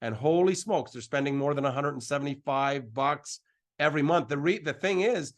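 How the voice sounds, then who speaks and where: A middle-aged man hosts a live event with a slightly high voice. He pushes his pitch with excitable energy and keeps circling back over the same words. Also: normal speed. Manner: excitable, repetitive, hyping himself up. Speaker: host of a sales presentation.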